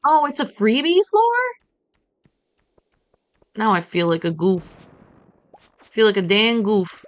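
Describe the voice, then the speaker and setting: A woman's voice: medium pitch, sing-song, slow. A woman streaming a farming game, chatting playfully and muttering to herself as she plays. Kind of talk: casual gameplay commentary.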